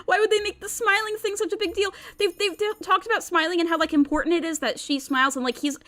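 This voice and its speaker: A woman's voice: very high voice, fairly even intonation, quick pace, hardly any pauses, a bit bright. A young woman streaming a visual novel, commenting in an exasperated, incredulous way with lots of repeated words and rambling, and reading the game text aloud.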